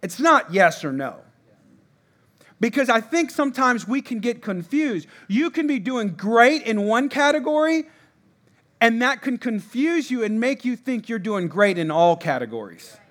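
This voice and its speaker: A man's voice: very high-pitched, sing-song, unhurried, fairly bright tone. A middle-aged man preaching a sermon as a pastor, in a conversational way, repeating himself and asking the congregation to respond.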